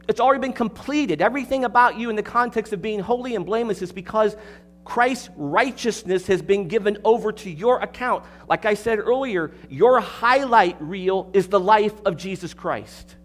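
A man with a high voice preaches from the pulpit in an expository sermon. He is emphatic, circles back on his words and keeps asking the congregation questions. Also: moderate pace. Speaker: pastor.

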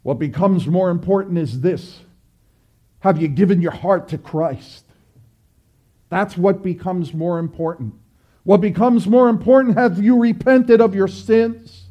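High-voiced man preaching earnestly. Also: measured pace, mellow. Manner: earnest, repetitive, exhorting. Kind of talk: sermon.

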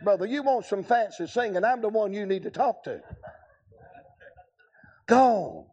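A man preaching a revival sermon, emphatic and swinging from quick asides to long, drawn-out shouted lines. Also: high-pitched, lively intonation, husky, highs cut off.

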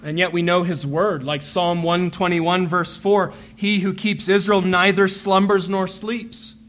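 A man preaching a sermon as a pastor, earnest and deliberate, repeating phrases as he builds a point. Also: sits high, little pitch movement, a bit bright.

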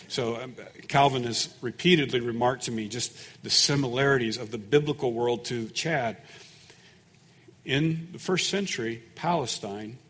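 A man preaching a sermon as pastor, folksy and conversational, growing louder and more emphatic when he reads scripture. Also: medium pitch, long reverb tail. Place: church sanctuary.

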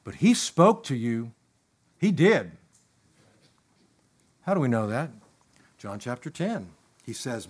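High-voiced impassioned male preacher. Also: breathy edge. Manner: impassioned, rising to emphatic peaks and dropping low. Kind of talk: sermon.

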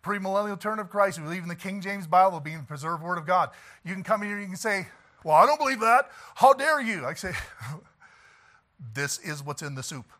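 A man's voice: high-pitched, brisk, pushed and bright. A man pastor preaching a sermon in an emphatic, folksy way, often laughing and asking the congregation "Amen?".

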